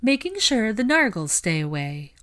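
A woman voicing a dreamy, airy teenage witch girl who speaks slowly in a floating way, in a storybook reading. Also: medium pitch, big pitch swings, fairly bright tone, voice pushed up. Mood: dreamy delight.

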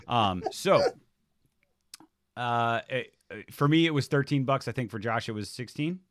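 A man's voice: mid-range voice, animated, measured pace, no echo, studio quality. A man co-hosting a podcast in casual chat, laid-back and swearing freely. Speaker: podcast co-host.

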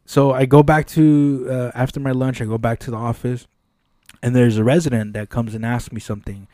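A man with a mellow, warm voice tells a long story in a relaxed podcast chat. He swears freely and acts out what other people said. The sound is dry and close. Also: mid-range voice, fairly quick, no echo. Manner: animated, swears often, acts out quoted dialogue. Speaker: podcast co-host. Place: podcast studio.

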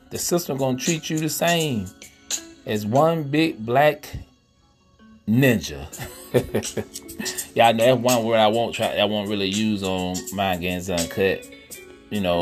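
A middle-aged man hosting a podcast, talking casually and preachily, often asking "you know what I'm saying". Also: lowish voice. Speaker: podcast host. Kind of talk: casual monologue.

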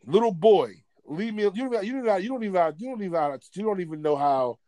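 A woman's voice: medium pitch, animated, a little fast, mellow, no echo, lightly acted. A man quoting a dismissive teenage girl brushing off a boy. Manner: sassy, brushing him off.

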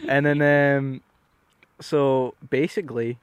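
Young man, podcast guest, animated sweary storyteller with a mid-range voice. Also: mid-range voice, takes it slowly, no room sound. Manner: animated, sweary, tags lines with "right?". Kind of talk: casual storytelling chat.

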